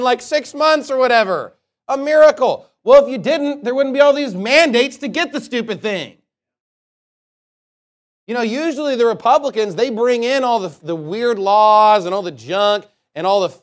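A man preaching a sermon in a conversational, sarcastic way, with joking asides and loud scripture reading. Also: high voice.

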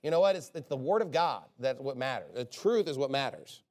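A man's voice: medium pitch, lively intonation, brisk, darkish tone. A man preaching a sermon in an emphatic, conversational way, often asking rhetorical questions.

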